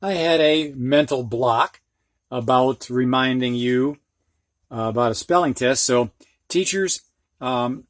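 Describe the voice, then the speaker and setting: Slow, patient older man teaching phonics. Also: mid-range voice, no echo, studio quality. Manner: slow, patient, explaining with everyday examples. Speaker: reading teacher. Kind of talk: phonics lesson for students and teachers.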